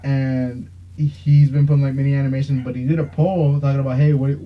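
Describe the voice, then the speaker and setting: A man's voice: medium pitch, little pitch movement, a little fast. A young man hosting a podcast, telling a long, rambling story in casual chat with plenty of swearing. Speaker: podcast host. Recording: dull lo-fi sound.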